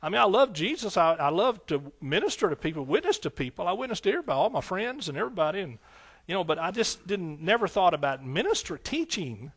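Emotional middle-aged pastor preaching testimony. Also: male voice, sits high, big pitch swings, fast, hardly any pauses, breathy edge. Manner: emotional, tearful at times, swings between hushed and loud exclamations. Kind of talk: sermon testimony.

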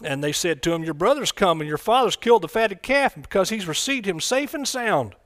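Preacher guy, folksy, gets loud and excited, higher voice, dry mic. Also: fairly quick, no echo. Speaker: pastor. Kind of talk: sermon. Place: church.

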